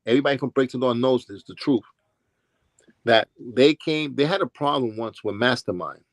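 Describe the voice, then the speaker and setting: A man with a New York accent spins loose, rambling stories from the old days, starting over mid-sentence and quoting people as he goes. His voice sits at an ordinary middle pitch. The recording is close and dry, with almost no room sound. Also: moderate pace, no echo. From Brooklyn, New York. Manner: rambling, with restarts and acted-out quotes. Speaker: interviewee, former b-boy. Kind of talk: casual storytelling interview.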